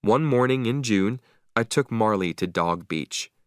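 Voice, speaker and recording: A man narrating a simple story slowly and clearly for English learners, with an expressive reading. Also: fairly low pitch, no room sound, clean studio sound.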